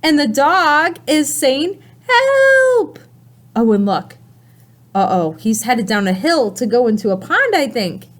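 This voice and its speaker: In this recorded writing lesson for young children, the kindergarten teacher's voice sits a little high. She talks slowly with lively, sing-song energy and puts frequent questions to the class.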